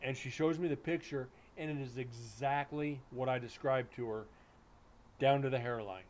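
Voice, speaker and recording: A man's voice: mid-range voice, normal speed, a little mellow, slight background noise. A middle-aged man, a paranormal investigator, telling a story in a casual, rambling way on a live stream, full of restarts and acted-out dialogue.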